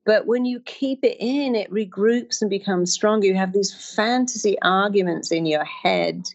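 A woman's voice: normal speed, dull audio. A middle-aged woman giving an emphatic motivational talk, acting out inner voices as she explains. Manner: emphatic, acts out inner voices with wide pitch swings.

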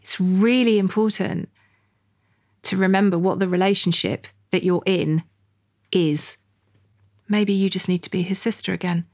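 A woman's voice: medium pitch, steady tone, a little slow, pauses often, darkish tone. A middle-aged woman, a psychologist talking frankly and directly with a client in a therapy session. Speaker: psychologist host.

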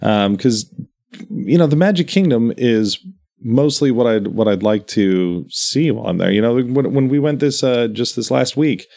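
A man's voice: medium pitch, moderate pace, gravelly, a little mellow. A man chatting casually as a podcast co-host, telling stories in a meandering, enthusiastic way. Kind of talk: casual chat.

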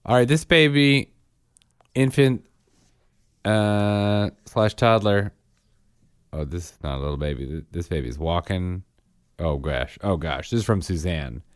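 A man's voice: deep voice, a little slow, long pauses, clear, resonant tone, dry recording, clean studio sound. A man co-hosting a podcast, casual and teasing, counting down playful reveals. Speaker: podcast co-host. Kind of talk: casual chat.

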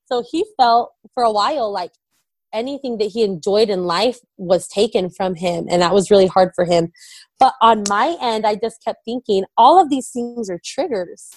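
A woman's voice: medium pitch, moderate pace, darkish tone, no echo. A young woman candidly telling an emotional personal story, often quoting herself and her husband. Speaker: guest, wife of a recovering addict.

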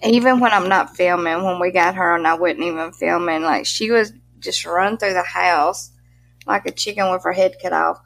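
A woman's voice: lowish voice, normal speed, gravelly, fairly bright tone, a little hiss or hum. Southern mississippi lady, middle-aged, chatty and laughy, talking about her cats. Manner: chatty, laughs often, country turns of phrase. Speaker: guest, pet content creator. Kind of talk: casual interview chat.

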